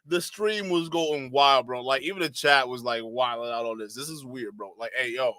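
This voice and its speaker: Bright-voiced guy reacting to a clip, slangy and laughing, in disbelief, dry close sound. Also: medium pitch, normal speed, no echo. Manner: incredulous, laughs often, slangy. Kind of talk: casual reaction stream talk.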